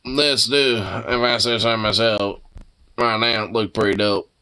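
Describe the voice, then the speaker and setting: A man's voice: fairly low pitch, fairly even intonation, a little slow, sharp tone, smooth. A young man in a casual reaction video, laughing helplessly and teary-eyed, swearing between fits of giggles.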